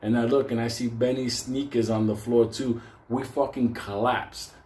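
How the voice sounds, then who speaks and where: A man's voice: mid-range voice, steady tone, moderate pace, darkish tone, roomy sound. A man telling a story casually, swearing constantly and laughing between lines. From New York.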